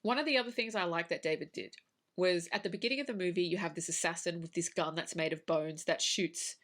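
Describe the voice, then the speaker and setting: A woman's voice: on the low side, fast, a bit bright. A woman co-hosting a podcast, chatting casually about a film, swearing and acting out her own reactions. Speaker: podcast co-host. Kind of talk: casual film review chat.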